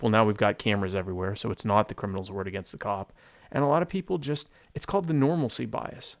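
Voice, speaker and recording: A man's voice: on the low side, fast talker, creaky. A man co-hosting a podcast in casual chat, rambling and joking, who slips into mock speeches. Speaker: podcast co-host.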